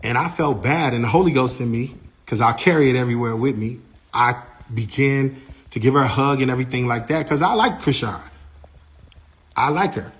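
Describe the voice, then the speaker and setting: A man's voice: mid-range voice, fairly quick. Man animatedly retelling a dramatic story. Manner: animated retelling, acting out others' lines, many "like" fillers. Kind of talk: casual first-person storytelling.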